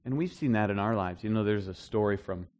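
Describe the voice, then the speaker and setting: A man's voice: fairly low pitch, a little fast. A middle-aged man, a pastor, preaching a conversational sermon to a congregation in a church hall. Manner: conversational teaching, animated and emphatic at points.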